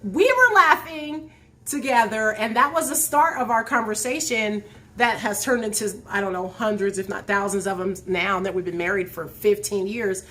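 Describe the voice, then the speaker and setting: Bright, lively woman telling a story. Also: mid-range voice, moderate pace. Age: 40s. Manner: animated, laughing as she tells the story; speaks straight to her viewers. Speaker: host of a live talk show. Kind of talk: casual storytelling to a live chat.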